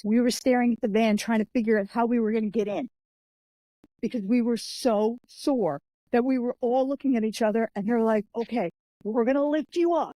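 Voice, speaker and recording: Animated woman telling a story, mellow voice. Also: on the high side, brisk, no room sound, low-quality recording. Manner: animated, acts out the voices in her anecdotes. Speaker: guest, author and martial artist. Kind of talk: storytelling in a podcast interview.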